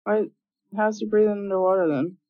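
A woman co-host chats casually about a film she is watching, mostly in short, dry remarks. Her voice sits at a middle pitch. The sound is dead and close, with no room echo. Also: fairly quick, dull audio. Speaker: podcast co-host. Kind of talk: casual movie-watching chat.

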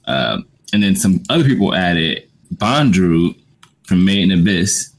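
Deep-voiced laid-back man. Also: sing-song, measured pace. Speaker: podcast co-host. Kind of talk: casual podcast chat.

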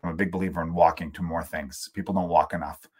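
Profane, ranting American podcast host. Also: male voice, low-pitched, fast talker, breathy edge. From United States. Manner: profane, animated ranting with sarcastic asides. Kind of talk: casual solo rant.

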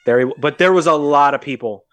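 A young man with a Midwestern American accent tells a story on a podcast, blunt and sardonic and quick to swear. His voice sits mid-range. The remote call sound is dry, with no room echo. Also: a little high, fairly bright tone. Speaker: podcast co-host. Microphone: remote call mic.

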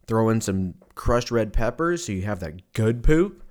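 A man with a somewhat low voice talks through a loose comedic podcast monologue. He is crude and profane, wanders off topic, and mocks himself as he goes. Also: big pitch swings, a little slow, darkish tone. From Armenian and German heritage. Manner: rambling, profane, self-mocking.

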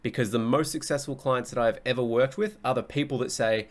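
A man's voice: medium pitch, brisk. A young adult man hosting a casual solo podcast as a coach, talking bluntly, swearing often and laughing easily.

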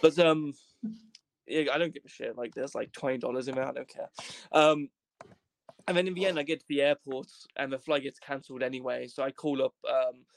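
A young man from Wales telling a comedic travel story as a podcast guest, animated, in quick bursts, swearing and acting out voices. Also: medium pitch, gravelly. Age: young adult.

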